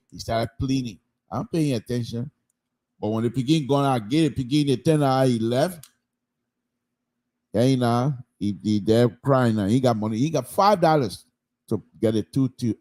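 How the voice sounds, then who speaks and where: A man, commenting on public radio through animated anecdotes and repeated phrases for emphasis. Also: medium pitch, moderate pace. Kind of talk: call-in style public affairs talk.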